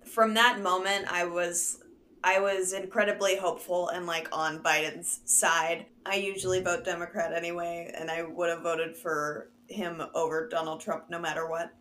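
A woman's voice: on the low side, level tone, normal speed, sharp tone, a little hiss or hum. A young woman from the United States co-hosting a podcast in casual chat, bubbly and gushing, with lots of likes and laughs. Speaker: podcast co-host.

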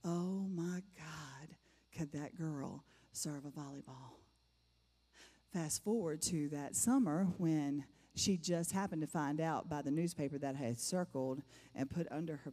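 A woman's voice: low voice, a little slow, dark tone. A middle-aged woman giving a personal testimony to a church congregation, emphatic and repeating phrases for effect. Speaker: church speaker. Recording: long reverb of a large hall.

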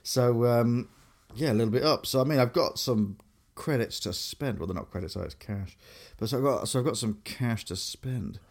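A man's voice: mid-range voice, moderate pace. A young man from Grimsby, England, co-hosting a casual chat, rambling with lots of fillers and restarts. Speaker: podcast co-host.

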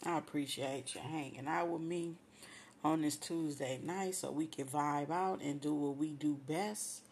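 A woman's voice: deep voice, a little slow, a little mellow, a little hiss or hum. A woman hosting a radio show, sharing an emotional religious testimony with heartfelt praise and repeated thanks to God. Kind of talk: emotional personal testimony on air.

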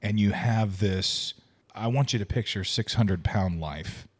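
A lower-pitched man with a slightly husky voice chats about a film in a casual podcast. He talks excitably, stumbling over fillers and laughing often. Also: unhurried. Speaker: podcast co-host. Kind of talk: casual movie review chat.

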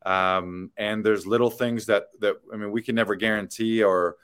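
A Canadian man with a Canadian accent hosts a casual podcast for actors. His voice sits fairly low, and he rambles through stories with plenty of "um" and "uh" as he goes. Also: steady tone, normal speed, fairly bright tone, smooth. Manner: rambling storyteller, many fillers. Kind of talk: casual chat.

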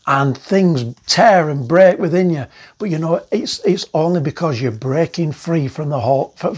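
Male pastor, husky, earnest sermon delivery with restarts. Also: on the high side. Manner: earnest preaching with repetitions and restarts.

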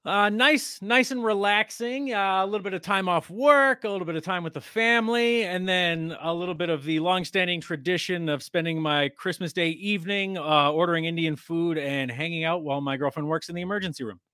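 A young man talking as a podcast guest in a relaxed, technical way, with many hesitant pauses. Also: high voice, clear, resonant tone, no echo, clean studio sound. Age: young adult. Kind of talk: casual podcast chat.

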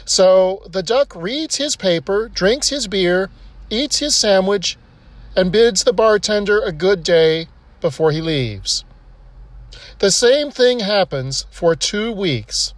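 A man reading a scripted joke and short essay, lifting his voice for the characters' lines. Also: dry recording. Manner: steady storytelling, voicing characters with raised pitch.

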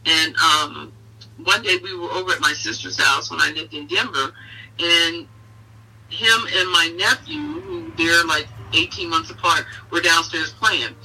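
Middle-aged woman telling fond stories, really bright voice, sounds kinda far from the mic, faint music behind. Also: low-pitched, unhurried, a little hiss or hum. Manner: fond, animated storytelling with laughter. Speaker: interview guest, mother sharing memories. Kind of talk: casual storytelling in an interview. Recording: voice heard from a distance.

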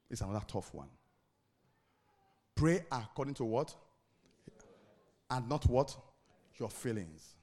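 A man's voice: medium pitch, darkish tone. A man preaching a sermon as pastor, repeating key phrases and putting questions to the congregation for them to answer. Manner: asks the congregation call-and-response questions.

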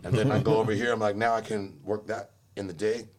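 A man's voice: fairly low pitch, fairly even intonation, fast. A young man from Los Angeles telling his life story in casual chat, rambling and swearing, with frequent laughs. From Los Angeles, Southern California. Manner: profane, rambling, laughs often.

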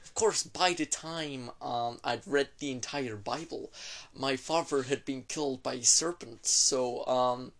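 Pompous male podcast host, mid-pitched, mock-offended comic delivery. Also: unhurried, a bit bright, slight background noise. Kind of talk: improvised comedy chat.

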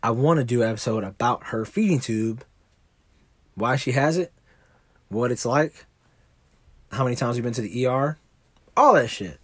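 A man's voice: medium pitch, expressive, normal speed, pauses often, no room sound. A man hosting a podcast, rambling in casual chat and swearing freely. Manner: rambling, profane, laid-back. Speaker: podcast host. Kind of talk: casual monologue.

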